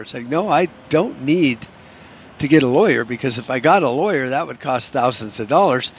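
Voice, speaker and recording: A man's voice: medium pitch, lively intonation, fairly quick. Male podcast host, swearing, sarcastic rant, faint hum behind him. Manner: profane, sarcastic, ranting.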